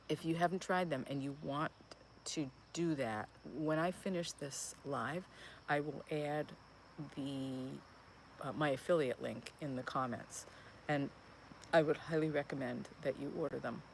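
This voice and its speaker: A woman in her fifties who hosts a plant-based cooking channel answers viewer comments on a live Q&A stream, rambling with plenty of fillers and restarts. Her voice is low, unhurried and creaky, she pauses often, and there's slight background noise.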